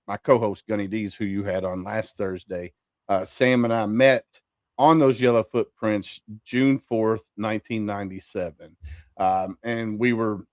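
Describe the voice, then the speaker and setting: A man's voice: on the low side, a little mellow, no echo. A man, telling his story as a podcast guest in an easygoing way. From Kentucky, US. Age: 40s. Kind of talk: casual interview.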